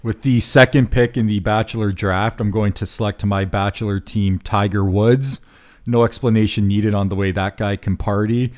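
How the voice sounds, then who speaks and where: A young man with a low voice sits in on a casual sports podcast. He chimes in with quick, dry quips and short remarks. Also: fairly even intonation, darkish tone. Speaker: podcast co-host.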